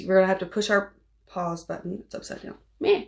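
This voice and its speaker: A middle-aged woman speaks as a parenting coach, talking straight to parents in an encouraging tone. She is lively and animated, and she acts out small outbursts with a voice of medium pitch. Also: a little fast, creaky.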